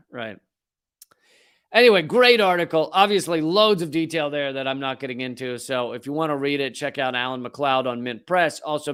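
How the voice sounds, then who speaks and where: A man's voice: a little high, fairly bright tone. A man hosting a comedic news monologue, profane and sarcastic, rambling with frequent restarts. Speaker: comedy show host.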